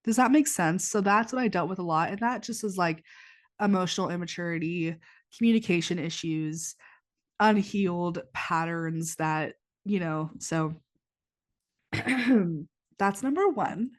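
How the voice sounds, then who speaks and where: A twenty-year-old woman hosts her own podcast, her voice sitting a little low for her age and stuffy after crying. She rambles in a loose, confessional way, often restarting her sentences and leaning on "like" as she goes. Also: measured pace. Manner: rambling, heavy use of "like", frequent restarts. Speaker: podcast host. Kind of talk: casual confessional chat. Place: indoors, warm room.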